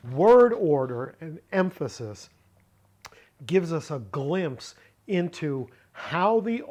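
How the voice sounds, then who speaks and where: A man teaching a biblical Greek lesson, reading phrases slowly and deliberately, with frequent fillers and small self-corrections. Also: medium pitch, darkish tone.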